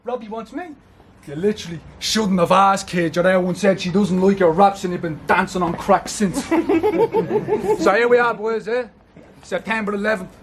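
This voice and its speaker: A cocky man with a Dublin accent fires off battle-rap bars, pitching his voice very high and shouting the punchlines. He performs outdoors, with loud noise running constantly behind him. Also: very animated, normal speed. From Ireland. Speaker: battle rapper. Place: outdoor event. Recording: noisy outdoor event.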